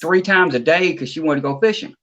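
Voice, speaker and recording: An easygoing man telling a lively story in casual chat. His voice sits somewhat high, and he acts out the quoted lines with energy. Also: a little fast, rough recording.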